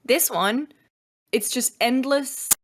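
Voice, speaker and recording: A woman chatting as a podcast guest in a lively, loose way, swearing freely and pitching games with enthusiasm. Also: takes it slowly. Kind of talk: casual podcast chat.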